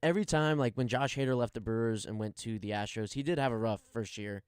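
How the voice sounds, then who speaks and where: A man's voice: mid-range voice, smooth, dry recording. Young guy on sports radio, joking around, dry close studio sound. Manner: playful, teasing, quick to laugh. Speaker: co-host. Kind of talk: casual sports talk radio. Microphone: studio microphone.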